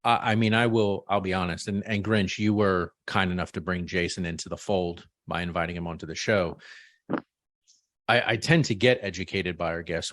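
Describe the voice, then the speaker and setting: A man's voice: low voice, fairly bright tone, dry recording. A man hosting a podcast, joking and bantering casually with his co-hosts and guest. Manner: joking, playfully crude. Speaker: podcast host.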